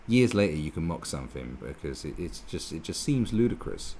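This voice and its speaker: Gravelly, sweary man ranting. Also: a bass voice, big pitch swings, brisk, dark tone, a little hiss or hum. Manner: sweary, sarcastic, rambling with many restarts. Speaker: political commentator. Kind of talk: ranting monologue.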